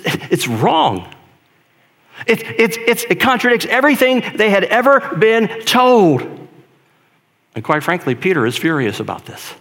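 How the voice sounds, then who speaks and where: A man preaching a sermon in a conversational, emphatic way, dropping to a hush and then building to loud stress. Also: fairly high pitch, wildly swooping pitch, moderate pace, husky. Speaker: pastor.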